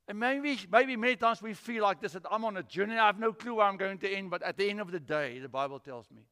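Animated pastor preaching in a hall. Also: male voice, sits high, quick pace, smooth. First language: Afrikaans. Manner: animated storytelling with acted-out voices. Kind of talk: sermon. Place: church.

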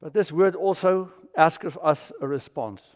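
A man from South Africa preaching a sermon as pastor, swinging from full voice down to hushed, almost whispered lines. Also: fairly high pitch, moderate pace. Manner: dramatic swings from loud to near-whisper. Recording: long hall reverb.

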